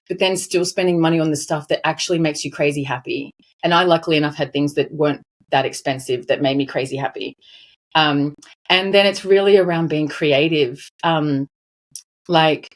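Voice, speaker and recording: A woman in her forties chatting as a podcast guest, her voice sitting a touch low for a woman. She talks with animated emphasis and laughs often as she tells her story. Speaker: financial advisor guest. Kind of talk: casual interview chat.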